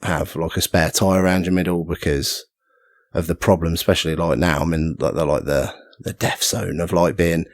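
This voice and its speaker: A man's voice: low-pitched, fairly even intonation, moderate pace, dry recording, clean studio sound. A man telling a story as a podcast guest, rambling and self-mocking, acting out the voices of people he quotes. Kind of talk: casual storytelling chat.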